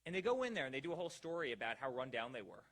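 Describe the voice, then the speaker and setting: A man's voice: mid-range voice, very animated, racing, fairly bright tone. A man giving a rousing campaign rally speech, firing off repeated rhetorical questions at the crowd. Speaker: political rally speaker.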